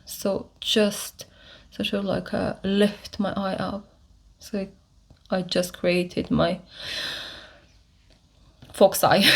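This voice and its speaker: A woman giving a casual makeup tutorial to camera, talking through each step with frequent pauses, fillers and restarts. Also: mid-range voice. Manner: unhurried, many fillers and restarts while demonstrating. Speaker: beauty vlogger.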